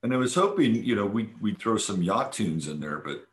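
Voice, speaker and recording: A man's voice: fairly low pitch, sing-song, moderate pace. A man hosting a podcast, chatting enthusiastically about a weekend event in a casual monologue full of fillers and restarts. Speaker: podcast host.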